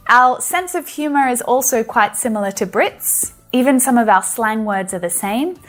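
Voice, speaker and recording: An Australian woman with an Australian accent, giving a friendly English lesson on YouTube and laughing now and then. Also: a little high. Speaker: English teacher.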